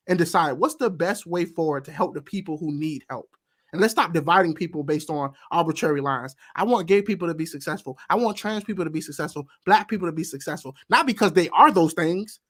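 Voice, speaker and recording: A man's voice: fairly high pitch, a bit bright. A man hosting a panel debate, talking in an earnest, impassioned way and often repeating words as he starts a thought. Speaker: show host.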